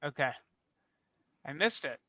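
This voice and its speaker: A man's voice: fairly high pitch, lively intonation, unhurried. A man hosting a podcast, casually riffing with wry jokes and easy laughter. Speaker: podcast host. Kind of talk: casual comedic commentary.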